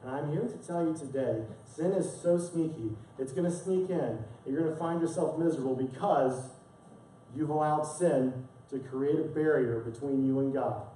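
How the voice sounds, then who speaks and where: A man's voice: a little high, moderate pace, mellow, slight background noise. A male pastor delivering a sermon, telling a personal story with earnest emotion and repeating words as he speaks. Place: church sanctuary. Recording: echoey distant church sound.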